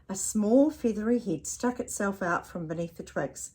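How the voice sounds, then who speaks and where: A woman reading a picture book aloud to children in a gentle voice, pausing to ask the listener questions. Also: mid-range voice, breathy edge. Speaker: storyteller.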